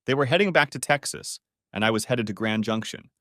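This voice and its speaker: A man narrating a first-person story in a steady, even reading. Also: on the low side, brisk, no room sound, clean studio sound.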